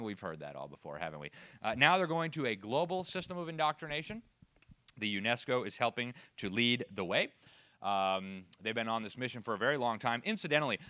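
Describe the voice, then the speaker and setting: Guy lecturing a crowd, sarcastic, pitch all over, bright voice, dry sound. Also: no echo. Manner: sarcastic, animated, laughs at own asides. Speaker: speaker at education event. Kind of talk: lively lecture to live audience.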